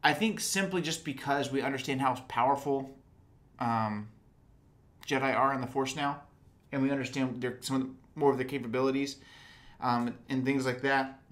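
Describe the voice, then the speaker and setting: Male podcast co-host, casual and animated, average pitch. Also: moderate pace. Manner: animated, acts out quotes in raised voices. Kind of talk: casual fan chat.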